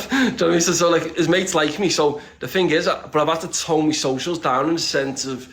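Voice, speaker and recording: Blunt, streetwise man with a high voice. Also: fast talker, hardly any pauses, slight background noise. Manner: blunt and streetwise, swears freely, says "lad" often; rambling, with many restarts. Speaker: interview guest. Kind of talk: casual conversation.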